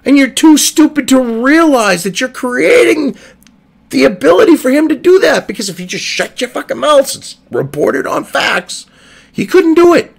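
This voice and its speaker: High, gravelly man ranting heatedly. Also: big pitch swings, normal speed. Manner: profane, exasperated, heated. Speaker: online political commentator. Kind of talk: ranting commentary. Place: at a computer desk.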